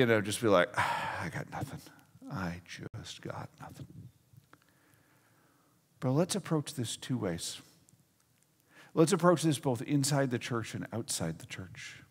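Man preaching in a reverberant church. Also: medium pitch. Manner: conversational, storytelling, emphatic. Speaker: pastor. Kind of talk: sermon. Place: church sanctuary.

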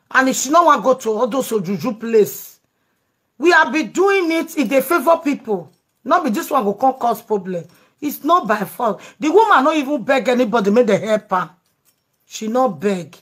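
Hosting a live Pidgin show with callers, a Nigerian woman talks emphatically and pleadingly. Her slightly rough voice is a little high and animated, moving at a normal speed.

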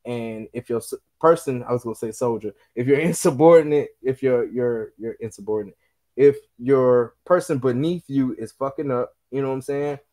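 A young man on a podcast, telling army stories in casual, profane, animated chat and acting out the people he quotes. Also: mid-range voice, moderate pace. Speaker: podcast co-host.

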